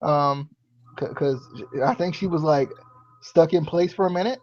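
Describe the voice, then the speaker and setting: A man's voice: a little high, moderate pace, a little mellow, soft background music. A man hosting a podcast, chatting casually in a rambling, filler-heavy way and laughing easily. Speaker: podcast host. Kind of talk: casual wrestling review chat. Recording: dull, lo-fi podcast recording.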